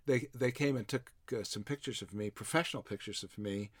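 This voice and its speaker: A man's voice: medium pitch, dry recording. Older man, former barber, stop-start reminiscing, dry close sound. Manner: halting, repeats words, warm chuckles. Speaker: former theme park barber. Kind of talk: reminiscing conversation.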